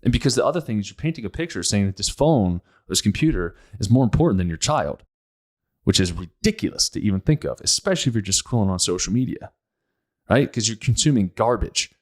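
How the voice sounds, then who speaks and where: A man's voice: on the low side, expressive, fast. A man hosting a podcast, speaking in a blunt, emphatic casual monologue and often repeating his points. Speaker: podcast host.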